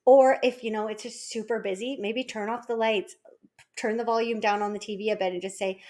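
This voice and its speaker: Woman, parenting consultant, calm explanatory delivery, mid-pitched voice, instructional talk. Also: a little fast. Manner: calm, explanatory, step-by-step coaching. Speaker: early childhood parenting consultant. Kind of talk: instructional presentation.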